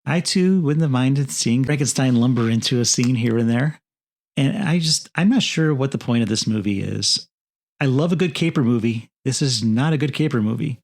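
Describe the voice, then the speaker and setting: Guy cohosting a movie podcast, bit of gravelly fry, dry wry takes, mid-pitched voice. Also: lively intonation, moderate pace, a little mellow. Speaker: podcast co-host. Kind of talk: casual film review chat.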